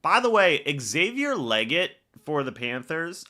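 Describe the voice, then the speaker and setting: A man's voice: fairly high pitch, sing-song, a little slow, hardly any pauses, pushed and bright. A man hosting a live fan reaction stream, calling each play like a broadcaster and chatting to viewers between snaps. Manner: calls plays like a broadcaster, then chats with viewers.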